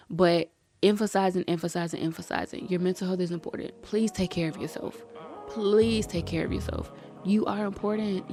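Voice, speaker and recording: Young woman podcast host, earnest and encouraging, lower-pitched, dry close sound. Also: dry recording. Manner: earnest, encouraging, addresses listeners as y'all. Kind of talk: casual solo podcast talk.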